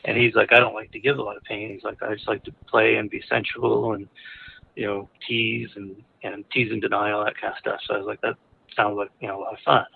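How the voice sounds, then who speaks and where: Over a tinny phone line with a little hiss or hum, a male caller frankly tells a personal story, rambling candidly and chuckling between phrases. His voice is lowish and flat, brisk, with vocal fry.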